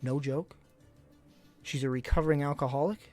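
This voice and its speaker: A man's voice: fairly high pitch, fairly even intonation, moderate pace, darkish tone, faint music behind. A man livestreamer chatting casually to his audience, telling stories in a blunt, rambling way. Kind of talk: casual chat to a live stream audience.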